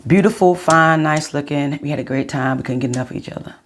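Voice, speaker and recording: A middle-aged woman vlogging, telling her viewers a personal story in a chatty, unhurried way. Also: low-pitched, slight background noise.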